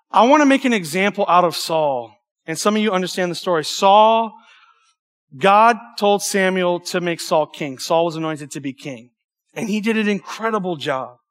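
High-voiced young man preaching. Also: moderate pace. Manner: animated, emphatic preaching with stumbles and asides. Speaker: youth pastor. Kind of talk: sermon.

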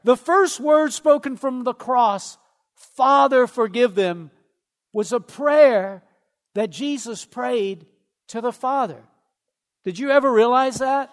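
A man preaching a sermon in a very high, light voice. He speaks slowly and earnestly and lingers on his words. A long reverb trails each phrase. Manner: slow, earnest preaching with dramatic pauses. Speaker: pastor.

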